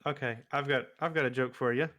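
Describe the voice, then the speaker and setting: A man chats casually while playing an online game with a friend. He tells jokes in a rambling way, full of pauses and fillers, at an ordinary middle pitch. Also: fairly even intonation, sharp tone. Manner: rambling joke-teller with many fillers. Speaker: streamer. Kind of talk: casual gaming chat.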